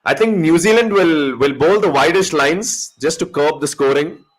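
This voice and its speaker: A man's voice: fairly high pitch, normal speed. A man co-hosting a live cricket watch-along, chatting casually, joking and teasing his co-host while calling the play. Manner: joking, swears freely, teases co-host. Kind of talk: casual live-stream chat and commentary.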